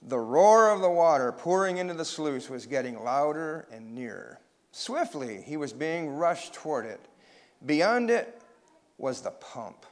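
A man reading a children's story aloud, expressive and pausing to ask his listeners questions. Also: on the high side.

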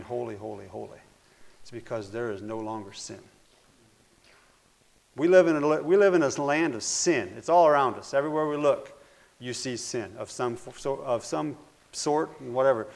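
A man preaching a sermon, earnest and repetitive, swinging between loud declarations and hushed phrases. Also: medium pitch, gravelly.

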